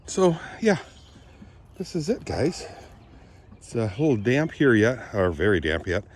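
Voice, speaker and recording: A man with a lingering cold giving a rambling, chatty outdoor walk-and-talk vlog on his farm, often clearing his throat and coughing. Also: medium pitch, sing-song, a little slow, slight background noise. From Southwest Michigan. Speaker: vlogger.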